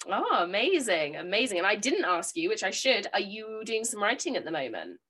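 A woman hosts a relaxed podcast conversation. She jokes freely and laughs often as she talks. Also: mid-range voice, a little fast, husky. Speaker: podcast host. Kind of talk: casual chat.

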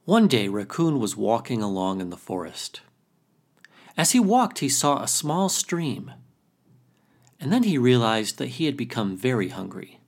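A male storyteller narrates a traditional animal tale in a highly expressive reading voice. His pitch rises and falls constantly, and his tone is slightly breathy. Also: normal speed.

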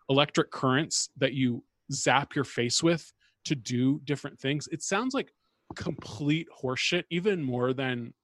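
A man's voice: on the high side, fairly bright tone, dry recording, studio quality. A man co-hosting a casual chat, talking in a wry, chatty way full of hedges and fillers. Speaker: podcast co-host.

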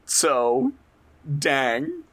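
A man's voice: mid-range voice, huge pitch swings, drawn-out words, fairly bright tone. A man co-hosting a comedy podcast, telling a history story in casual chat, swearing freely and laughing often. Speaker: podcast co-host.

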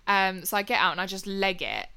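A woman's voice: medium pitch, lively intonation, a little fast, creaky, heavy background noise. A young woman telling a story in casual chat, swearing freely and laughing along the way. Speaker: podcast co-host telling a story.

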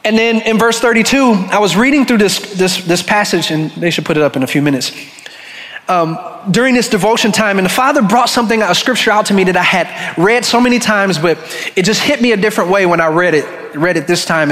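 A man's voice: sits high, a little fast, fairly bright tone. A male pastor preaching a sermon in a conversational way, acting out the story's voices as he goes. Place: church sanctuary. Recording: church hall with long reverb.

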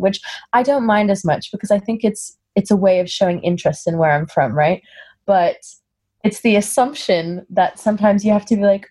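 A woman's voice: medium pitch, normal speed, a little mellow. Woman with an American-sounding accent. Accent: American-sounding English. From Singapore. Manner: thoughtful, frequent "um" fillers, acts out quoted exchanges. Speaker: interview guest. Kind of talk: casual conversational interview.

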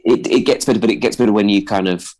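A man's voice: fairly low pitch, fairly even intonation, fast, darkish tone. A man with a posh-sounding voice giving advice as a guest, hesitant and self-deprecating, often restarting his sentences. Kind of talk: casual interview chat.

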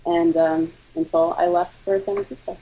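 Female guest, wedding photographer, low mellow voice, relaxed storytelling. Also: normal speed, low-quality recording. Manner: conversational, reflective storytelling. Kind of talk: casual interview.

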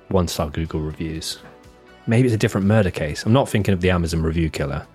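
A man hosting a podcast in casual chat, reading reviews aloud in a lively, jokey way. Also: low-pitched, breathy edge. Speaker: podcast host.

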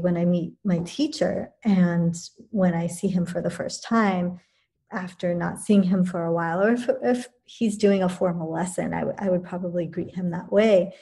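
A woman who teaches yoga, talking thoughtfully in a relaxed conversation, pausing and restarting as she works through her points. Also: on the low side. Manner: thoughtful, many restarts and fillers. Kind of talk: reflective conversational talk.

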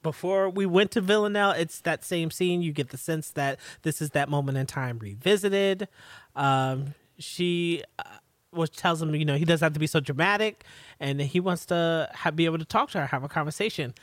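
A co-host on a podcast, recapping a drama episode in relaxed, hesitant casual chat with frequent laughs. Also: mid-range voice, normal speed, no echo. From New York City.

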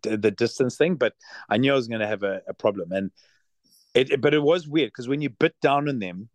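A South African man talks in a relaxed, rambling way, full of fillers. His voice sits at an ordinary middle pitch. The recording is dry and close. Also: fairly quick, dry recording. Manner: rambling, filler-heavy, easygoing. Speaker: podcast guest. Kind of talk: casual interview chat.

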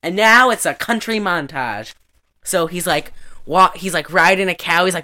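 Chatty woman w a low voice, swears a lot, laughs while recapping a movie. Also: moderate pace, pushed and bright. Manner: chatty, profane, laughs often. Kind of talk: casual chat recapping a movie.

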